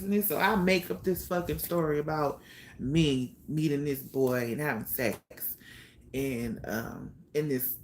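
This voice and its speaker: Halting, gravelly low-voiced woman. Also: slight background noise. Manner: halting, soft-spoken, trailing off with many pauses and sighs. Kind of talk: personal storytelling to camera.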